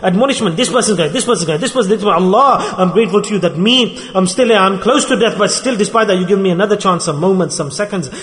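Impassioned high-voiced male preacher. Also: quick pace, hardly any pauses. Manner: impassioned, repetitive, swings between soft and loud. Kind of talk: sermon. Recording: long reverb of a hall.

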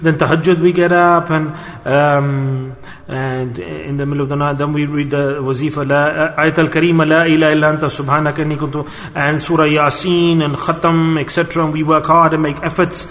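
A man's voice: on the high side, flat delivery, a little fast, a bit bright, long reverb tail. A man giving an earnest sermon, asking rhetorical questions and acting out people's pleading prayers. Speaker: preacher.

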